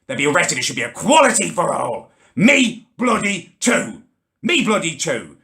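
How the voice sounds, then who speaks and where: Ranting man, gravelly voice. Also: fairly high pitch, wildly swooping pitch, brisk. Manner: indignant, shouting ranting with Northern English slang. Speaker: comedy channel host. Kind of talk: comedic rant to camera.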